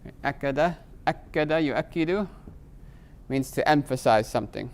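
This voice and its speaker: Man teaching grammar to a class. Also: medium pitch. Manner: quizzes students with frequent rhetorical "right?"; slows to spell out Arabic terms. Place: classroom with students.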